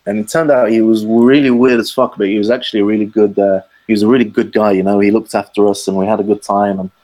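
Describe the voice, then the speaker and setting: A man's voice: on the low side, fairly even intonation, quick pace, mellow, rough recording. Slangy man telling a story. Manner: rambling, slangy, acts out the voices of the people in his story. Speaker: podcast guest storyteller. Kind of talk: casual anecdote telling.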